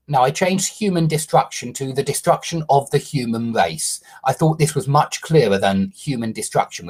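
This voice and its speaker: Speaking at a medium pitch with a slightly rough voice, a man tutors English online, explaining each correction he's made to a student's essay. He frequently checks in with a questioning "yeah?".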